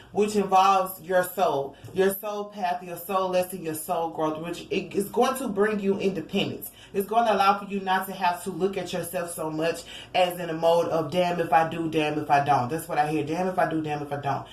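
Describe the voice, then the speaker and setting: Woman tarot reader, casual and meandering, mid-range voice, roomy echo. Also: mid-range voice. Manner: rambling, chatty, fillers and asides. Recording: echoey room, faint ambience.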